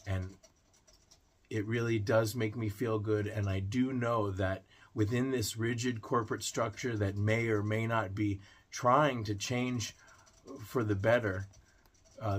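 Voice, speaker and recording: A man hosting a pet video channel, talking to camera in an earnest, heartfelt way with small restarts. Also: on the low side. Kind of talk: casual vlog talk to camera.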